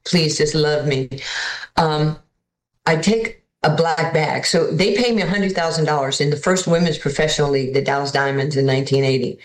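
In an echoey room, a woman with a low voice tells casual stories as a guest at a moderate pace. She's animated and acts out the voices of the people she quotes.

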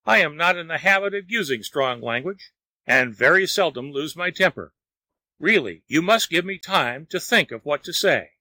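A man's voice: a little high, expressive, normal speed, pushed and bright, no echo, heavily acted. A man voicing a storybook neighbor who laughs at and teases his visitor. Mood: scolding. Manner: laughing, teasing. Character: amused, mocking neighbor man.

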